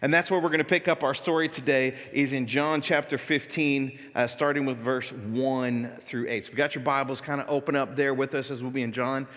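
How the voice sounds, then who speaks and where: A man preaching a sermon as pastor, talking in a conversational way and growing animated when he voices the disciples. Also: mid-range voice, fairly quick, few pauses. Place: church sanctuary. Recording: long hall reverb.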